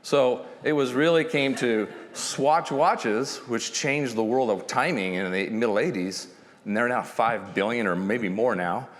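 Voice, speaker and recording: Animated man telling a story on stage. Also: mid-range voice, measured pace, big-room sound. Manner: animated, acts out quotes, laughs often, loose and joking. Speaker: company founder telling his story on stage. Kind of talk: storytelling talk at a summit. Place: conference stage with long reverb.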